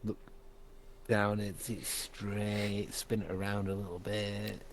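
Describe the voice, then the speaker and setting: A man's voice: on the low side, flat delivery, takes it slowly, no echo. A man playing a tabletop game, talking in a laid-back, hesitant way. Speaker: player. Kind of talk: casual tabletop play.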